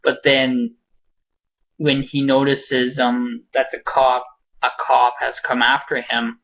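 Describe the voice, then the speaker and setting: A man casually recapping a TV episode at home, excitable and swearing, rambling with lots of fillers. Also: medium pitch, slow, creaky, lo-fi sound. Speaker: show reviewer. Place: home with a pet cat.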